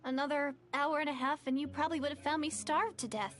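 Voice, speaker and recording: A woman's voice: sits high, fairly even intonation, quick pace, lightly acted. A woman voicing a nervous lost young girl in a video game who speaks with an oddly precise edge.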